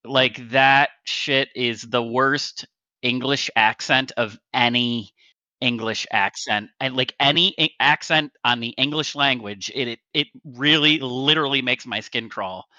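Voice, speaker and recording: A man's voice: mid-range voice, unhurried, sharp tone, dry recording. A middle-aged man co-hosting a gaming podcast, talking bluntly and emphatically with plenty of swearing. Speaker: podcast co-host. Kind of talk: casual chat. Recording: dull lo-fi mic.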